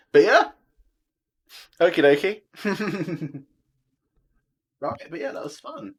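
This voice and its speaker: A woman's voice: on the low side, big pitch swings, very slow, long pauses, slightly rough. A woman co-hosting a game stream, chatting casually and laughing often. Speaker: streamer co-host.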